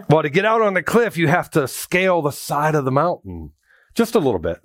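Animated joking male pastor, dry sound. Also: on the high side, normal speed, no room sound. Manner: joking, animated storytelling with congregation call-outs. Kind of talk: conversational sermon with personal stories.

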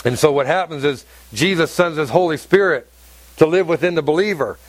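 A man with a high voice preaches to his congregation, driving his points home by repeating phrases. He keeps asking the room questions as he goes. His voice is close and dry. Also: a little fast, dry recording. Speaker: pastor. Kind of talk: sermon. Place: church hall with congregation.

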